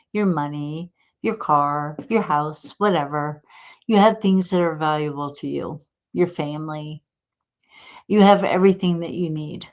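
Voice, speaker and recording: A woman with a low, deep voice gives a casual live tarot reading. She talks slowly and warmly encouraging, chatting to viewers and laughing often. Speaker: tarot reader host.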